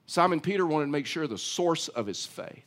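A man's voice: fairly high pitch, expressive, moderate pace, fairly bright tone. A middle-aged man preaching a sermon in a conversational way, often repeating words and asking his listeners questions. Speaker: pastor.

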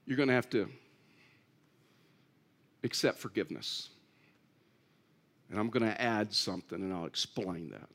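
A man's voice: fairly low pitch, lively intonation, measured pace, pauses often, fairly bright tone. A man preaching a sermon in an earnest way, repeating key phrases and rising to emphatic pleas. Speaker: pastor.

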